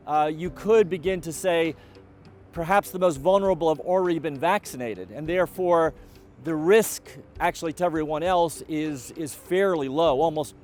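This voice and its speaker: A middle-aged man giving a college president's video update, speaking in a measured, deliberate way with frequent fillers and restarts. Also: on the high side.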